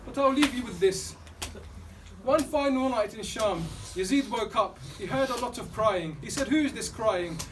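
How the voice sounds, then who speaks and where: High-voiced man reciting mournfully from afar. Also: normal speed. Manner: grieving, swelling to anguished cries at peaks. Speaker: majlis reciter. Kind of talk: mournful religious storytelling. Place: religious gathering, indoors. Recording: distant mic, noisy room.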